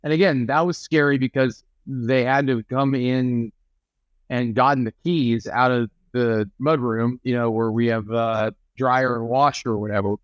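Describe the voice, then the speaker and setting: A man's voice: mid-range voice, steady tone, measured pace, smooth, no room sound. A young man co-hosting a podcast, chatting casually and rambling with many restarts. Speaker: podcast co-host. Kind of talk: casual chat.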